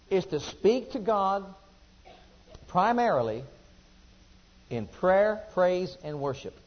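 A man preaches a sermon in a slightly high voice, questioning his listeners as he goes. He rises to loud emphasis, then drops to quiet asides. The recording is dull and lo-fi.

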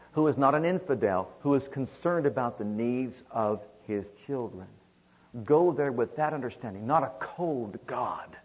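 A middle-aged man preaching a sermon, swinging between hushed, tender passages and loud, urgent ones. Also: medium pitch, husky, muffled recording. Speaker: pastor.

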